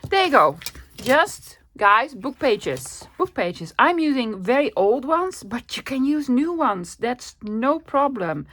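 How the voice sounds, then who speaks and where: She speaks slowly in a high voice with big swings in pitch and a slightly bright quality. The speaker is a woman from the Netherlands with a Dutch accent who hosts a crafting channel, keeping up a casual craft-along chat and talking to herself as she works.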